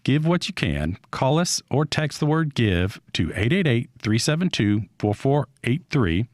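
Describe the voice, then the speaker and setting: A man reading a steady, earnest fundraising appeal for a radio station. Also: medium pitch, moderate pace, dry recording, clean studio sound. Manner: steady, earnest, scripted delivery.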